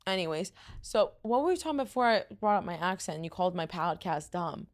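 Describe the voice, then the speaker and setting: A woman's voice: fairly low pitch, expressive, fast talker. A young woman with a New York accent, hosting a casual podcast, tired and rambling, laughing often. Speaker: podcast host. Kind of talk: casual chat.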